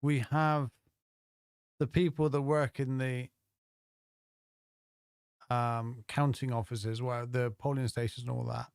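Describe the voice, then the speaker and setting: Meditation host, man, slow relaxed chat with viewers, smooth clear voice. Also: medium pitch, dry recording, clean studio sound. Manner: unhurried, chatty, greets viewers by name. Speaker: meditation teacher. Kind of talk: casual livestream chat before a guided meditation.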